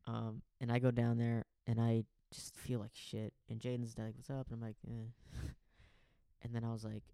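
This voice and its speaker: A man's voice: mid-range voice, completely flat delivery, moderate pace, creaky, dark tone, smooth, no room sound. A man co-hosting a podcast in casual chat, telling a rambling story and acting out the voices of the people in it. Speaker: podcast co-host.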